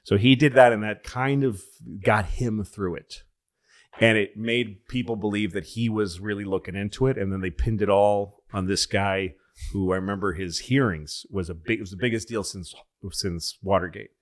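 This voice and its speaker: A man tells long comedic stories in a loose, rambling way. He corrects himself as he goes and swears casually. His voice sits on the low side. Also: fairly even intonation, normal speed. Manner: rambling, self-correcting, profane.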